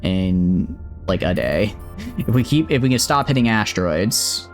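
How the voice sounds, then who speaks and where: A man's voice: fairly low pitch, animated, a little slow, soft background music. A young man streaming a space strategy game, rambling chattily to his chat and his ships. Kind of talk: live gameplay commentary.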